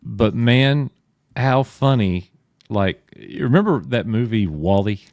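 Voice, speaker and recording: A man's voice: medium pitch, animated, takes it slowly, a little mellow, no echo, clean studio sound. A man hosting a casual livestream chat, opinionated and drawn out when making a point. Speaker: podcast host.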